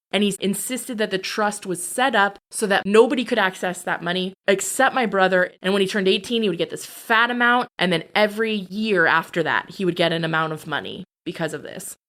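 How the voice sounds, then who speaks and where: Blunt, lower-voiced woman telling her story. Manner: blunt, profane, candid. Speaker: podcast guest. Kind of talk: personal storytelling.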